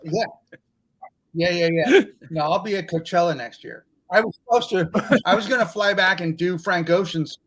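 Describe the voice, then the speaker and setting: A man co-hosting a comedy podcast, joking in a dry, deadpan way and making mock-grand claims. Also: sits high, moderate pace, rough recording. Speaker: podcast co-host and stand-up comedian. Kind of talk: casual comedy podcast chat.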